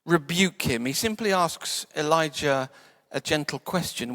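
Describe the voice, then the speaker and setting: A man preaching a sermon in a church, conversational and playful, sometimes dropping to soft quiet tones. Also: on the high side, a little slow. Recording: church hall reverb.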